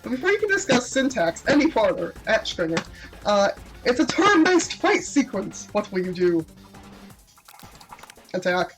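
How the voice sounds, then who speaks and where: A woman's voice: on the high side, big pitch swings, normal speed, faint music behind, low-quality recording. A woman playing through a dating game, reading its text aloud with playful, giggly asides. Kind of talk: casual gameplay commentary.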